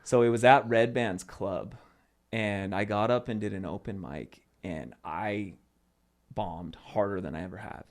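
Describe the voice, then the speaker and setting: A man's voice: on the low side, measured pace. A young man from Arizona, a guest comedian, telling stories in a casual podcast chat with loose fillers. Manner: animated storytelling with loose fillers.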